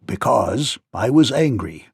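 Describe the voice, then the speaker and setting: A man voicing a pompous, easily frightened fat gnome king in a storybook read-aloud, crying out in high, shaken tones. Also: lively intonation, slow pace, vocal fry, husky, no echo, studio quality, exaggerated voice.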